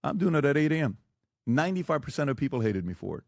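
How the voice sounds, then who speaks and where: A man debating on a talk show, who lectures forcefully and keeps firing rhetorical questions and blunt warnings. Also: a little high, big pitch swings, fast, no room sound, studio quality. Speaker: podcast guest debating the host. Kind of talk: heated debate.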